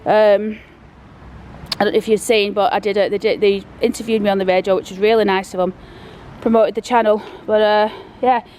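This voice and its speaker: A woman's mid-range, darkish voice moves little in pitch and runs a little fast as she walks through town vlogging on a handheld phone. Breathless, she rambles casually and down-to-earth, with a little hiss or hum in the recording of this walk-and-talk vlog.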